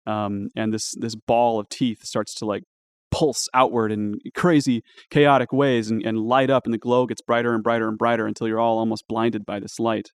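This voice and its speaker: A man's voice: fairly low pitch, flat delivery, moderate pace, smooth, no room sound. Casual man running a tabletop game. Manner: casual, filler-heavy narration with laughs. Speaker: dungeon master. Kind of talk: narrating a tabletop game live.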